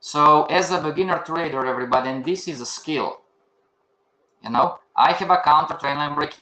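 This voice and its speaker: Older male instructor, slightly high voice, live class, quizzes his students then answers them himself. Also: moderate pace, bright, forceful tone. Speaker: trading instructor. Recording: echoey room.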